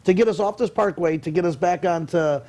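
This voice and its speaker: A man with a fairly high voice hosts a relaxed talk show. He tells stories with energy and acts out the people he quotes. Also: brisk. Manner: animated storyteller, acts out quotes. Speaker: host. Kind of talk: casual chat.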